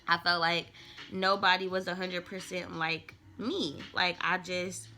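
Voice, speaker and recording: Young woman, tarot vlogger: low, crackly voice with a bright edge, slangy and rambling, talks straight to camera. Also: fairly even intonation, measured pace, soft background music. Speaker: tarot reader and spiritual vlogger. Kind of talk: casual rambling smoke-session chat.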